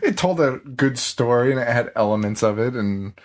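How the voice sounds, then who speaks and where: A man in a mid-pitched voice hosts a loose, joking podcast chat. His voice swings widely in pitch as he banters, with a slight frog in his throat. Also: expressive, normal speed. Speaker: podcast host. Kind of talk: casual chat.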